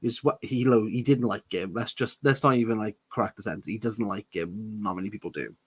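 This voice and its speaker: A man's voice: on the low side, a little fast, husky, no echo. A man reading a novel aloud and cracking sarcastic jokes between passages. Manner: sarcastic, jokey asides. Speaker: book reviewer.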